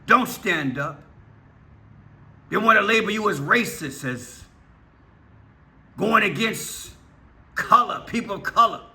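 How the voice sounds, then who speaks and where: Fiery preaching man, sharp voice. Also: high voice, expressive, slow pace, creaky, pauses often. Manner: impassioned, urgent, repetitive rhetorical questions. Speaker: preacher vlogger. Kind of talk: fervent preaching monologue.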